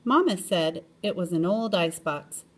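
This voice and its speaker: A woman reading a children's chapter book aloud in an expressive storytelling manner, often lifting her pitch. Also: measured pace, breathy edge.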